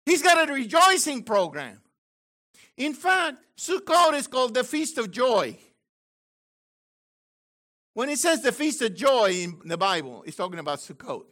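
An older man teaching from the Bible in an excited, exclamatory way, with bursts of shouting. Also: very high-pitched, unhurried, long pauses. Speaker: preacher.

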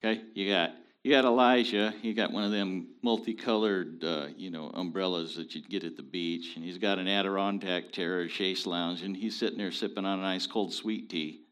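A man leading a casual Bible study, explaining scripture in an animated, folksy, joking way. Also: sits low, moderate pace, hardly any pauses, smooth.

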